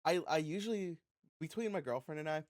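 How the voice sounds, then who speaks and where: A young man co-hosting a podcast, telling an animated, profane story in casual chat. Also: a little high, brisk, no echo, studio quality. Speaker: podcast co-host.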